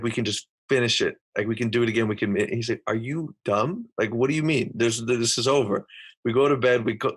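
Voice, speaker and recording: A man's voice: on the low side, fairly bright tone. A young man with a Canadian accent, a podcast guest telling a rambling story full of fillers and restarts. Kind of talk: casual storytelling.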